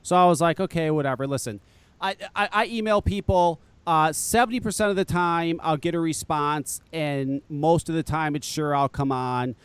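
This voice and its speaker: A man's voice: fairly high pitch, normal speed, clean tone, dry recording. A man hosting a podcast, telling a profane story in a casual chat and acting out what people said. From northern US. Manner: profane, animated storyteller who acts out quotes. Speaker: podcast host.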